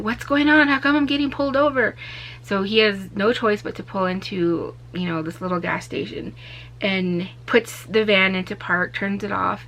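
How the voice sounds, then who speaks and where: A young woman vlogger from Arizona telling a story in a casual, animated way, acting out what people said. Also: medium pitch, gravelly. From Arizona, USA. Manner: animated, acts out quotes with raised voice.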